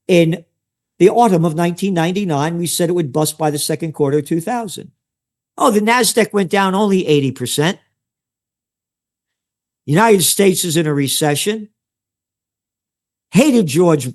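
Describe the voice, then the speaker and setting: An older man from the Bronx with a New York accent, a trend forecaster ranting sarcastically and crudely as an interview guest. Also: sits high. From New York City (the Bronx). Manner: sarcastic, crude, mocking asides. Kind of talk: heated interview rant.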